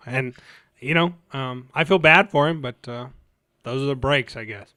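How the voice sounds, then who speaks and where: Man, podcast co-host, casual movie chat, rambling, smooth clear voice, dry close sound. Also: fairly high pitch, expressive, normal speed, sharp tone, no echo. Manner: rambling, restarts and trailing off.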